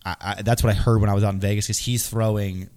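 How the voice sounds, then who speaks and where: A man's voice: fairly low pitch, little pitch movement, quick pace, darkish tone. A man co-hosting a podcast in casual chat while under the weather and coughing. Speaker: podcast co-host.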